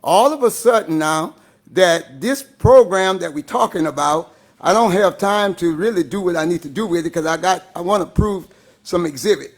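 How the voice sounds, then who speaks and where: A man from Louisiana, hoarse and losing his voice, making an urgent, emphatic public comment at a school board meeting while rushing against a time limit. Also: high voice.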